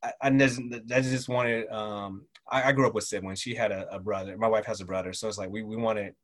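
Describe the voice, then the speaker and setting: A man in his thirties from the American South, a military father talking as a guest in a relaxed chat. He talks loosely with lots of fillers and livens up when quoting people. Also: on the low side, brisk. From Southern United States. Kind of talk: casual conversational storytelling.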